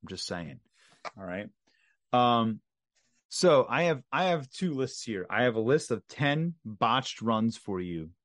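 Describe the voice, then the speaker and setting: A man's voice: mid-range voice, big pitch swings, slow pace, a bit bright, dry recording. Man, co-host, casual chat, reads a list aloud, dry close sound. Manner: leads the segment, reads off a list. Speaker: podcast co-host.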